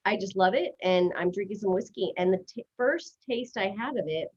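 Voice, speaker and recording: A woman's voice: medium pitch, darkish tone, slightly rough. Chatty woman hosting a lo-fi live stream. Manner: fast, chatty, self-deprecating, giggly. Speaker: host. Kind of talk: casual live-stream chat. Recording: dull lo-fi stream audio.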